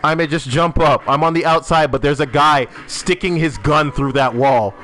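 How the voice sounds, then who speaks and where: A man streaming a game, chatting loosely with teammates and viewers, loud and swearing constantly. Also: fairly high pitch, normal speed, soft background music. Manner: animated, talking to teammates and chat. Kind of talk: casual live-stream chat while gaming.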